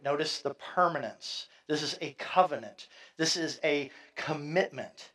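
A man's voice: on the high side, unhurried, hardly any pauses, fairly bright tone, low-quality recording. A middle-aged man preaching a sermon in a conversational way, with fillers and asides, reading scripture aloud. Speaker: pastor.

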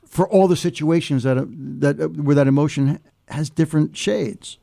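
A man's voice: fairly high pitch, moderate pace, creaky, mellow. An American man talking casually with friends, laughing often and restarting with many fillers. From United States. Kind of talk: casual chat.

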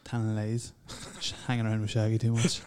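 A man's voice: fairly low pitch, completely flat delivery, a little fast, darkish tone, clean tone. Blunt, teasing young man. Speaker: podcast co-host. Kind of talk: casual banter.

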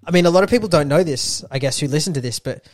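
Relaxed man telling a car story. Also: on the high side, very fast, no room sound, clean studio sound. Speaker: podcast co-host. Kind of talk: casual car chat.

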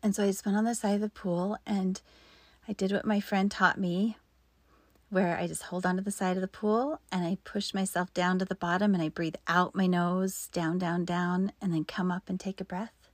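A woman in her fifties telling a personal faith story in an earnest way, sometimes dropping into soft whispered asides. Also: fairly low pitch, level tone, normal speed, dry recording. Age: 50s.

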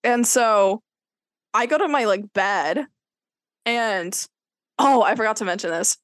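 A woman's voice: mid-range voice, slow, dry recording. A young woman co-hosting a podcast, telling a dating story in casual chat, with lots of "like" and acted-out quotes. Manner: animated storyteller, fills with "like", acts out quotes. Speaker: podcast co-host.

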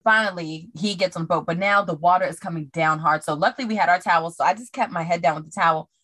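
A woman's voice: on the low side, fast talker. A woman co-hosting a podcast, telling a travel mishap in casual chat and acting out her own panicked cries. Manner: animated storyteller, acts out her own panicked shouts. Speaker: podcast co-host.

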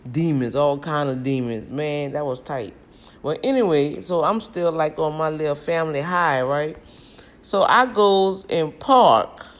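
A woman's voice: low-pitched, steady tone, moderate pace. Chatty new lady vlogging from her kitchen, laughs at herself a lot. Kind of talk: casual storytelling vlog. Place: home kitchen, indoors.

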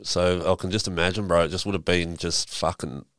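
A man's voice: deep voice, steady tone, a little fast, a bit bright, dry recording, studio quality. A man hosting a podcast, chiming in with short affirmations and laid-back slang. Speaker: podcast host. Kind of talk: casual interview chat.

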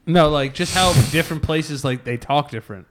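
A man's voice: a little high, brisk, noisy background. A young man guesting on a podcast, joking around in laid-back, crude banter.

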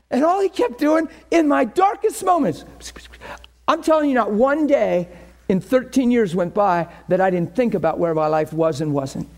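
Middle-aged male pastor with a very high voice; impassioned sermon delivery. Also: vocal fry. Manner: impassioned, swings from quiet to shouting.

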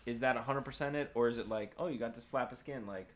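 A man's voice: medium pitch, fast talker, a little hiss or hum. A man in crude casual chat who asks questions and laughs along.

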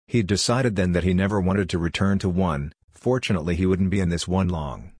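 A man reading a science fiction audiobook in steady, even scripted narration. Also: sits low, a little fast, breathy edge, dry recording, clean studio sound.

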